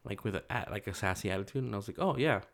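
A man's voice: fairly low pitch, fairly even intonation, racing, creaky, fairly bright tone. A young man casually telling a personal story, loose and rambling, full of fillers.

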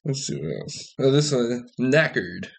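A man's voice: medium pitch, lively intonation, a little slow, gravelly, crowd noise. A young man co-hosting a casual podcast chat, laughing often and reading out slang phrases with playful put-on outbursts. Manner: giggly, reads out slang and acts it out in loud put-on outbursts. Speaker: podcast co-host.

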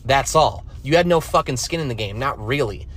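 A man's voice: mid-range voice, lively intonation, brisk, a bit bright, a little hiss or hum. Profane rambling man on a podcast. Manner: profane, rambling, crude jokes. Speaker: podcast host. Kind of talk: solo casual podcast rant.

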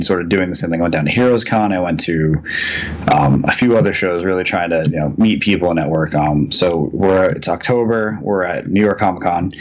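A man, a comics writer, telling a long anecdote as a podcast guest, rambling with frequent ums and restarts. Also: deep voice. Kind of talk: casual storytelling in a podcast interview.

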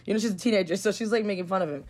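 Racing along in a medium-pitched, darkish voice, a young guest from New York tells her story bluntly. Her talk is casual, freely profane, and packed with "like."

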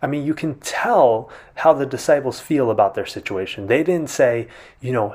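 A man's voice: medium pitch, expressive, normal speed, darkish tone, husky. Man preaching a casual, chatty sermon. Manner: conversational, many restarts and "I mean", vivid retelling. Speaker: pastor.

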